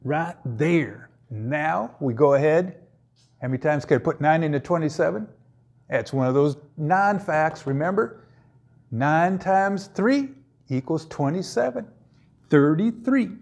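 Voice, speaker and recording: A man runs a playful math lesson with a high and slightly husky voice. He jokes, sings a little and stays goofy between the steps of each problem. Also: lively intonation, measured pace, darkish tone. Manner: goofy, jokey, sings and puts on silly voices. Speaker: math teacher.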